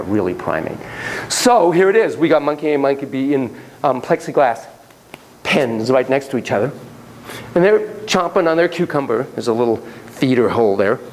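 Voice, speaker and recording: A man giving an animated classroom lecture on parenting, theatrical and jokey, acting out quotes. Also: a little high, a little hiss or hum, poor audio. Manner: theatrical, acts out quotes and monkey shrieks, jokey asides.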